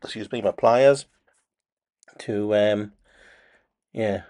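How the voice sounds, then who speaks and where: A man's voice: on the low side, slow pace, darkish tone. A man casually narrating his own watch-building hobby, chatty and self-deprecating.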